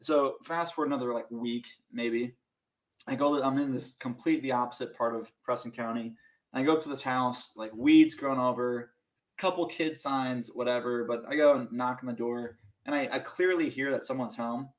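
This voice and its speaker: A young man from Minnesota tells a story on a podcast, animated and loose, slipping into other voices and filling every pause with "like." His pitch sits right in the middle for a man. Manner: animated, acts out voices in his stories, many "like" fillers. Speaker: podcast guest. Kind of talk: casual storytelling.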